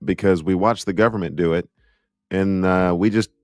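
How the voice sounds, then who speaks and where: Deep-voiced man teasing in podcast chat. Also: fairly even intonation, normal speed, no echo, clean studio sound. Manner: playful, teasing, emphatic. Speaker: co-host.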